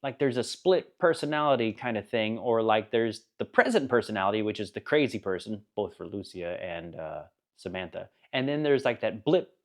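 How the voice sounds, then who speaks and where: A man's voice: lowish voice, expressive, moderate pace, few pauses. A man giving a casual spoken book review, rambling and enthusiastic, laughing now and then at the funny parts.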